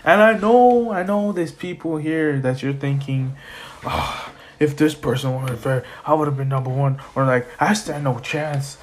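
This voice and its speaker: A man's voice: a little high, measured pace, a little hiss or hum, lightly acted. A man voicing a teenage boy hero who gives an earnest, rambling pep talk full of fillers.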